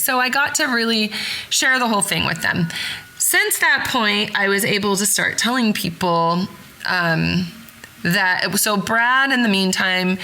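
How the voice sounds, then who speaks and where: Bright, excited woman telling a story. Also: medium pitch, poor audio. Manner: rambling, with frequent self-corrections and fillers. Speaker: podcast host. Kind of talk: casual storytelling.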